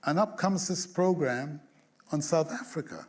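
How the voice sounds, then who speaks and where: A man with a slightly high voice tells a story about writing a song, acting out each scene. He hums fragments of melody and chuckles as he goes, like a songwriter spinning a tale in an interview. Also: measured pace, husky. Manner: animated storyteller who acts out scenes and hums tunes; chuckles through his stories. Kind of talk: storytelling anecdote.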